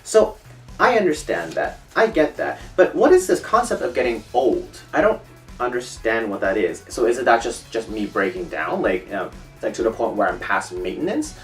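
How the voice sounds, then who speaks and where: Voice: medium pitch, big pitch swings, moderate pace, roomy sound, recorded from a distance, faint music behind. A comic speaker giving rambling, mock-offended in-character commentary and reading quotes aloud.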